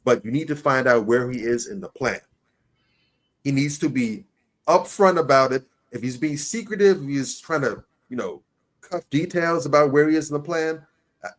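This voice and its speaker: A man hosting a casual podcast, giving blunt, preachy advice with rhetorical questions and emphatic repetition. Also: medium pitch. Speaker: podcast host.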